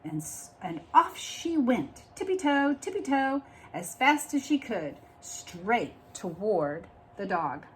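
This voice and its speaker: A woman reading a picture book aloud like a teacher, expressive and pausing to explain the story. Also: fairly low pitch, a little hiss or hum.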